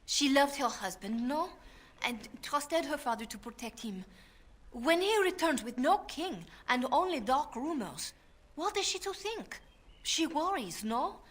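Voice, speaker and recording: A woman's voice: high-pitched, very animated, unhurried. A woman voicing an anxious young handmaiden to a queen, speaking with a heavy French accent in an earnest, pleading way. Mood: urgent.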